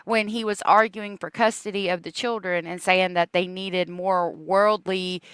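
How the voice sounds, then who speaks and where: A woman's voice: medium pitch, fairly even intonation, normal speed, a bit bright, smooth, no room sound. A woman hosting a casual true crime livestream, chatting with viewers and laughing often.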